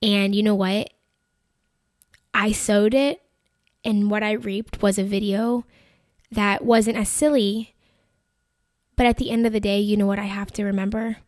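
A woman telling a personal faith story in a chatty, animated way, full of "like" and "you know". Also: mid-range voice, unhurried, pauses often, dry recording, clean studio sound. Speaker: Christian content creator. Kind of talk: casual faith-based storytelling.

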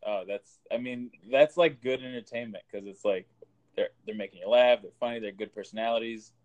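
A man speaks at a brisk clip in relaxed podcast banter. His tone is chatty and playful, and his voice sits in a middle register. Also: mid-range voice, rough recording. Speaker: podcast co-host. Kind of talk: casual chat.

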